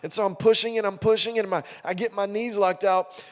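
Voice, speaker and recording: Man, young adult pastor, animated storyteller, slightly higher voice, long church hall reverb. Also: fairly quick. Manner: animated storytelling, acts out quotes loudly. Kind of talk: sermon with a personal story. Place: church auditorium.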